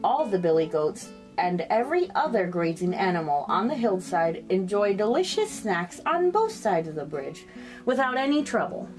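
A woman reading a children's story aloud in an expressive, sing-song storyteller's way, greeting her young listeners. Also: medium pitch, normal speed, soft background music.

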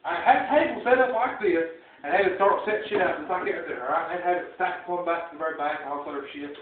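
A man's voice: on the high side, fast talker. Profane rowdy man, echoey lo-fi. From United States. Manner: profane and rowdy, bursts into loud shouted quotes. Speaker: storyteller. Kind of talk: rambling comic anecdote. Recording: phone-like, distant, very echoey.

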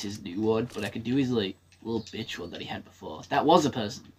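A man's voice: on the low side, animated, fast talker, few pauses, darkish tone, slight background noise. A man giving casual gameplay commentary, swearing freely and talking himself through a match. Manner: swears freely, talks to himself while playing. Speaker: gaming streamer.

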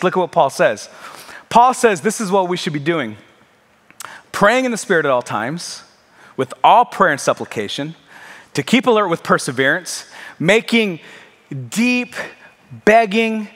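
A man's voice: sits high, fairly bright tone, long reverb tail. A man preaching a sermon in a church sanctuary, with an impassioned, conversational delivery and emphatic repetition. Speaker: pastor.

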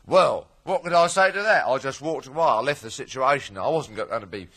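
Husky, bright man. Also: mid-range voice, a little fast. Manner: deadpan, mock-reasonable, sweary. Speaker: comedian in improvised dialogue. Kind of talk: crude improvised comic chat.

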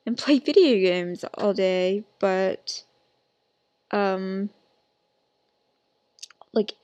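A woman gives relaxed, rambling gameplay commentary, drawing out her words at a very slow pace with a lively, swooping melody. Her higher voice has a breathy, slightly husky edge, and she sounds dry and close to the mic. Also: no echo. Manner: chatty and rambling, heavy on "like" and "um"; sassy talk to her game character. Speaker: gaming YouTuber.

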